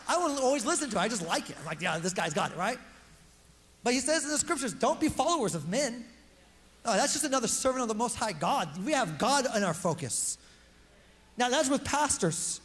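A man's voice: very high-pitched, a bit bright. A male pastor giving a casual, conversational sermon. He is slangy and emphatic, repeats phrases and stumbles over words. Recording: long hall reverb with music underneath.

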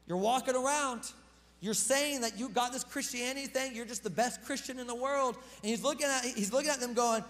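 A man preaching a sermon in a relaxed, conversational way, with slang and joking asides. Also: extremely high pitch, brisk, long reverb tail. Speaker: pastor.

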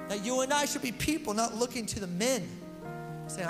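High-voiced man preaching in a reverberant hall. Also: lively intonation, moderate pace. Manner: slangy and emphatic, repeats phrases, stumbles over words. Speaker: pastor. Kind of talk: casual conversational sermon. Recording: long hall reverb with music underneath.

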